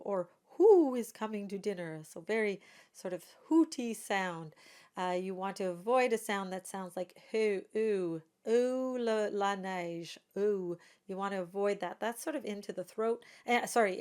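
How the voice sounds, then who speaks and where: A woman's voice: medium pitch, a little mellow. A woman coaching pronunciation of a song, patiently modelling sounds and repeating each one. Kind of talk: pronunciation lesson.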